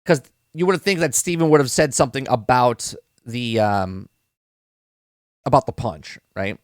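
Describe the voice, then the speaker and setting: A man's voice: mid-range voice, moderate pace, dry recording, clean studio sound. A man hosting a live-stream podcast, reviewing a TV episode in casual talk, rambling, repeating words and often checking in with "right?".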